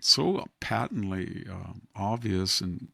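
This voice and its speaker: Gravelly, sarcastic male podcast host. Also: deep voice, animated, slow, sharp tone, no room sound, studio quality. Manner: sarcastic, wry, laughs at his own jabs. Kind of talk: casual political commentary chat.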